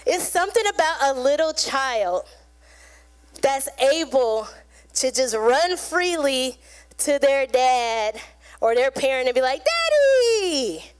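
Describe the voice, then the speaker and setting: A woman's voice: high-pitched, animated, slow, clear, resonant tone. A woman preaching a sermon in a casual, conversational way, acting out little quotes as she goes.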